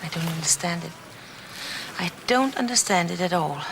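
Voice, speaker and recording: A woman's voice: lowish voice, expressive, normal speed, creaky. An actress playing a worried mother, anxious and earnest. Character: worried mother of a runaway daughter. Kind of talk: 1990s TV soap acting. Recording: old TV clip with faint noise.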